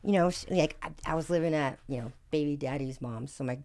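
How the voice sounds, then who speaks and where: A woman's voice: low-pitched, a little fast, a little mellow. A woman from Alaska, a podcast guest telling her story in casual conversation. She talks animatedly, swears freely and keeps saying "like" and "you know what I mean".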